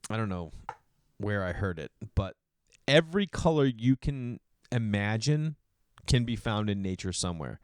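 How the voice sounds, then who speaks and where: Rambling man from Boston, smooth dry voice. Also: normal speed, dry recording. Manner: rambling, animated, swings between loud acted-out voices and low mumbled asides; swears casually, calls listeners dude. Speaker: podcast host and comedian. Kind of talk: casual comedic monologue.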